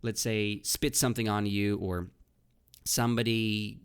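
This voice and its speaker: A man hosting a casual vocabulary lesson podcast. He explains words slowly with many fillers and keeps checking in with "right?" and "okay?". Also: on the low side, flat delivery, smooth. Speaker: English teacher, podcast host.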